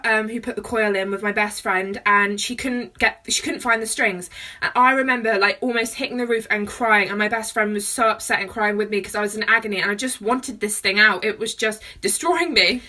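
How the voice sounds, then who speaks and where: A woman's voice: on the high side, pushed and bright. Nervous chatty young woman. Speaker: vlogger. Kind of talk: personal vlog. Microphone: phone. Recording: phone mic from a distance.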